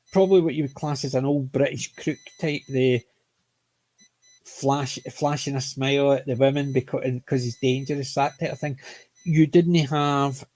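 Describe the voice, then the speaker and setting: A man's voice: medium pitch, warm tone, no echo. A man with a mild Scottish accent reviewing a TV comedy in casual chat, rambling and often correcting himself. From Scotland. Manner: rambling, frequent self-corrections and apologetic restarts. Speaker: TV show reviewer.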